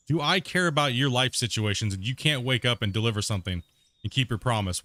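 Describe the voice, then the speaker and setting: A man's voice: a little high, big pitch swings, fast, a bit bright, no room sound. A man streaming a game, ranting to his viewers in casual chat and swearing a lot. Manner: heated ranting, swears often. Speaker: gaming streamer.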